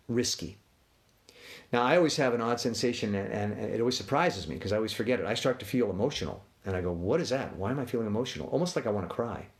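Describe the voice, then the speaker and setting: A man guiding a body relaxation exercise with slow countdowns, then talking loosely about tension and calm with some restarts. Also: fairly low pitch. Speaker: relaxation guide. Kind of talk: guided relaxation and talk.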